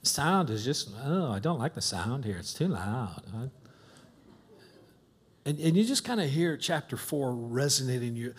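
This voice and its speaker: A man's voice: mid-range voice, big pitch swings, moderate pace, a little hiss or hum. A male pastor preaching a sermon in a church, acting out voices of complainers and children. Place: church sanctuary.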